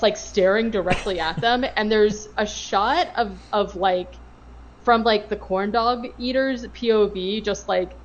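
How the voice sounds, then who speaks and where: A woman's voice: medium pitch, slight background noise. Rambling woman recapping a movie, lo-fi mic. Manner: rambling, filler-heavy storytelling. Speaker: podcast co-host.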